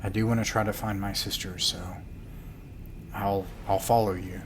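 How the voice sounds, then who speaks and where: A man voicing a wary young woman who speaks in a hushed, cautious way. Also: on the low side, flat delivery, normal speed, noisy background, natural voice. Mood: determined.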